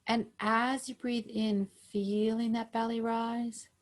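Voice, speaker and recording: A woman yoga instructor gently guiding breathing exercises over a video call. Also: fairly high pitch, level tone. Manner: slow, gentle, soothing guidance.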